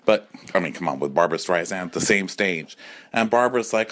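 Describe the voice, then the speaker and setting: A man's voice: low-pitched, expressive, moderate pace, a bit bright. A man in his forties, drunk, delivering a campy, sassy comic rant that keeps slipping into acted-out voices. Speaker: caller leaving a voice message.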